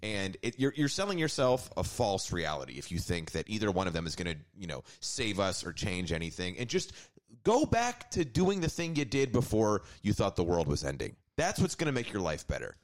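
Animated low-voiced man getting worked up. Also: a little fast. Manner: animated, rambling, gets worked up, swears. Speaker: podcast guest. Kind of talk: casual chat.

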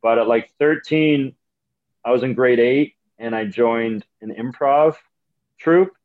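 A man's voice: mid-range voice, takes it slowly, phone-quality sound, slight background noise. A young man, a comedian telling rambling, profane stories in a casual podcast chat. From Canada. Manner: rambling, profane, animated storytelling. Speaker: comedian guest.

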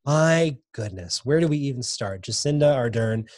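A man being interviewed about his book, talking enthusiastically and repeating words when he gets excited. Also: mid-range voice, moderate pace, dry recording, clean studio sound. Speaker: guest author. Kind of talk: casual podcast interview.

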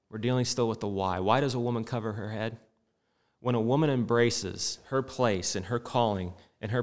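Man, preacher, middle-aged, impassioned sermon delivery, smooth resonant voice, long hall reverb. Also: medium pitch.

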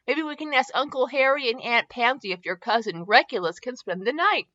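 A woman's voice: on the high side, brisk, fairly bright tone, highs cut off, lightly acted. A woman voicing a firm but loving young mother in a fan fiction reading, coaxing and mildly bossy.

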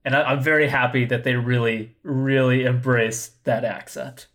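A man's voice: mid-range voice, steady tone, normal speed, a bit bright. Eager male podcast co-host. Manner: eager, enthusiastic. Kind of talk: casual review chat.

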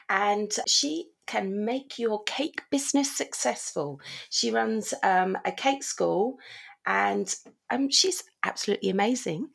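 A woman's voice: mid-range voice, vocal fry, a bit bright, breathy edge. A woman co-hosting a podcast, introducing a guest hesitantly with ums and giggles. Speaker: podcast co-host.

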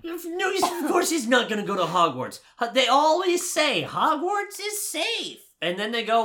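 A man co-hosting a casual movie review podcast, ranting with lots of swearing, swinging from heated shouting to low muttering. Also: sing-song, moderate pace, few pauses. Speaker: podcast co-host.

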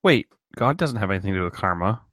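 A man's voice: lowish voice, lively intonation, fast, fairly bright tone, dry recording. A man co-hosting a casual podcast chat, joking in a dry, sarcastic way. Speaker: podcast co-host. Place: home in Maine.

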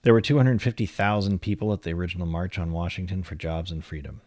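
A man reading a long-form magazine feature aloud in a measured, literary storytelling manner. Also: sits low, fairly even intonation, a little mellow, no room sound, studio quality. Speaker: narrator.

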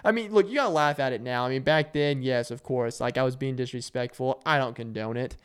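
A young man hosting a solo podcast, telling rambling, self-deprecating stories in a casual way and acting out loud quotes. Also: mid-range voice, fairly quick, clean tone. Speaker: podcast host.

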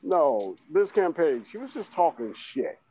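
A man co-hosting a podcast, ranting loudly and jokingly in casual chat. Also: sits high, big pitch swings, measured pace, vocal fry, breathy edge, dry recording. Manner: loud, joking, puts on silly voices. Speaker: podcast co-host. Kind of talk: casual comedic podcast rant. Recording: dull lo-fi sound.

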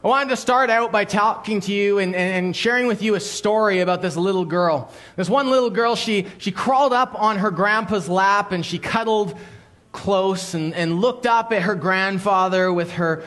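High-voiced storytelling pastor. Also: male voice, fairly bright tone. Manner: storytelling with quick restarts and playful character quotes. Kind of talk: sermon.

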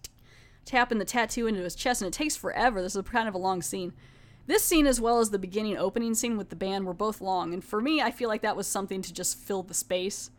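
Casting: woman podcast host, casual chatty recap, mid pitch, lively storytelling. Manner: chatty, animated retelling with quoted voices. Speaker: podcast host reviewing a TV episode.

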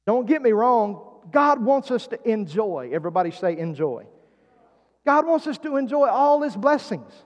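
High-voiced preaching man in a reverberant hall. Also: very animated, normal speed. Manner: preaching with call-and-response prompts. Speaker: pastor. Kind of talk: sermon.

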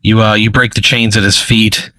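Forceful, slightly low-voiced man narrating. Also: level tone, moderate pace, no room sound, low-quality recording. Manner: rambling, hesitant, full of fillers and restarts. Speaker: game master. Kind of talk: improvised hypothetical narration.

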